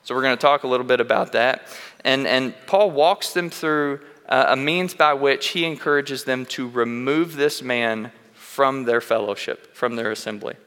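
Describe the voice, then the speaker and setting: A man's voice: medium pitch, moderate pace, a bit bright, clean tone. A man preaching a sermon in a church, telling candid personal stories in an earnest way and often restarting his sentences. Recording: long reverb of a large hall.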